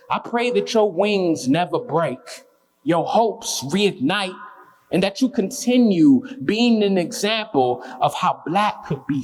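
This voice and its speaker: A man's voice: high-pitched, a little mellow. A young man performing spoken word poetry with a rhythmic, impassioned delivery and chatty asides between pieces. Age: young adult.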